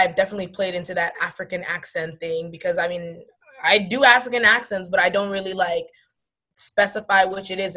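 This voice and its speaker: A woman's voice: mid-range voice, sharp tone, poor audio. Woman chatting candidly, midrange voice, lots of likes and you knows. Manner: candid, conversational, many fillers. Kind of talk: casual discussion.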